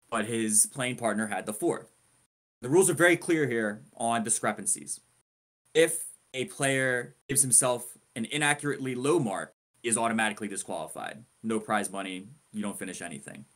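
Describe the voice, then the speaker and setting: A man's voice: mid-range voice, moderate pace, fairly bright tone. Man telling a story with dramatic emphasis. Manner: dramatic build-ups and emphasis. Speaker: podcast co-host. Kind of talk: casual storytelling.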